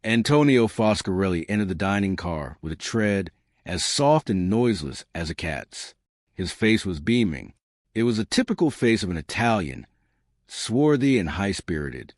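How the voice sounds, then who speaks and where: A man narrating a classic mystery audiobook in an expressive storytelling manner, close to the mic. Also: on the low side, moderate pace, no room sound. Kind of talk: scripted narration.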